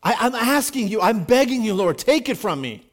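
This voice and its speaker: A man's voice: high voice, sing-song, normal speed, pitched above the performer's own voice. A man voicing a desperate man begging God for relief, his voice raised and strained. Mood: desperate pleading.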